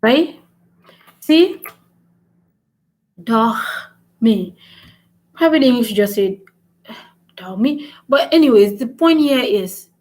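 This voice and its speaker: Her voice is a little high and a little mellow, captured in poor audio. She hosts a language-learning channel, giving a casual vlog lesson that alternates French and English and repeats points with "right?".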